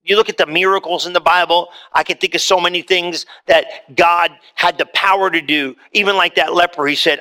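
Bright-voiced preacher man, lively delivery. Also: a little fast, hardly any pauses. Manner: conversational preaching, wide swings in pitch and pace. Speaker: pastor. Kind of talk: sermon. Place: church hall before a congregation.

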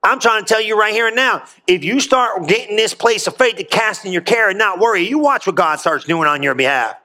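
A man's voice: sits high, animated, fairly quick, sharp tone. A man preaching a sermon as a pastor in a church, rousing and folksy, calling out to his congregation for a response. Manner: folksy, colloquial phrasing.

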